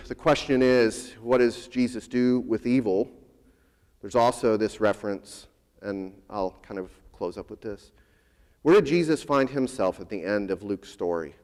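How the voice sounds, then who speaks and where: A male pastor preaches in an earnest, measured way, letting many phrases fall to a near hush. His voice rings out with a long reverb, as in a large church hall. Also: medium pitch. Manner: earnest preaching, dropping to a hushed close. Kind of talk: sermon.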